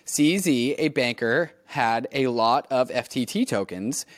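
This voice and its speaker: A man co-hosting a casual podcast chat, musing out loud in a reflective way, often saying "right" and "like". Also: mid-range voice, measured pace, dry recording, studio quality. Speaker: podcast co-host.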